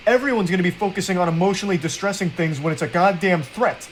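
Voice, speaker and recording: A man's voice: high voice, quick pace, slight background noise, rough recording. A man commenting on a clip in a mocking, sarcastic way. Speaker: commentator in the reacted video.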